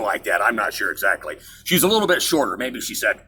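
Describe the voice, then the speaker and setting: A man's voice: mid-range voice, huge pitch swings, fairly quick, hardly any pauses, sharp tone, husky. A middle-aged man from Kansas hosting his own show, rambling through a story in a digressive, self-mocking way. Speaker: show host. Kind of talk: casual rambling monologue.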